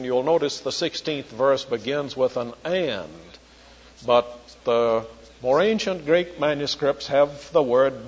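An older man, from Charleston, preaching an expository sermon and slowing down when he quotes scripture. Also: fairly high pitch. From Charleston, South Carolina. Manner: slows down to quote scripture, teacherly. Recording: dull lo-fi recording, long hall reverb.

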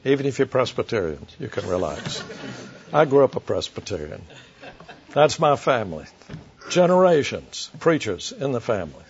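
A man preaching an expository sermon to a congregation, slow and deliberate, emphatic, with light asides to his listeners. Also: mid-range voice, sing-song, creaky, a little hiss or hum. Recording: dull lo-fi sermon recording.

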